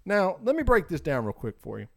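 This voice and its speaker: A young adult man co-hosting a casual podcast, talking in an animated, exclaiming way and acting out quoted voices. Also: high voice, a little fast, creaky. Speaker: podcast co-host.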